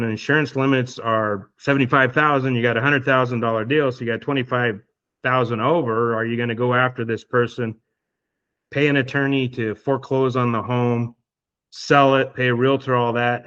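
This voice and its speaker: Male podcast guest, relaxed explainer who thinks out loud, slightly muffled recording. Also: medium pitch. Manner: explains through hypothetical scenarios, many fillers. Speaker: estate planning guest.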